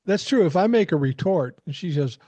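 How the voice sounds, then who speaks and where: A man's voice: a little high, animated, a little fast, warm tone, no room sound, lo-fi sound. A man hosting a podcast, telling blunt, profane stories in casual chat. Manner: blunt storyteller who swears freely. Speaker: podcast host.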